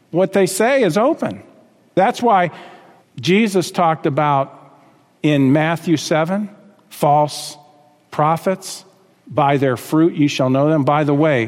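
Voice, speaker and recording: Emphatic preacher with hall reverb. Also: male voice, on the high side. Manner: preaching with rising emphatic bursts and repeated phrases. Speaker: pastor. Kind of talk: sermon.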